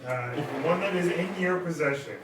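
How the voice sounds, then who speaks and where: A man's voice: on the high side, a little fast, noisy background. A man narrating and refereeing a tabletop game in a laid-back way, with chuckling asides. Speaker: dungeon master. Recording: echoey room, distant mic, loud music.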